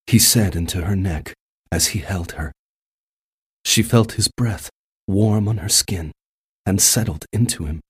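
A man narrating a romantic story at a calm, steady pace. His voice is low and noticeably husky, with a breathy texture throughout. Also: slow, pauses often. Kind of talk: scripted narration.

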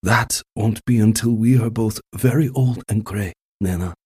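A man voicing a loving young man in a story, speaking quietly and reassuringly. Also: lowish voice, moderate pace, slightly rough. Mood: playful.

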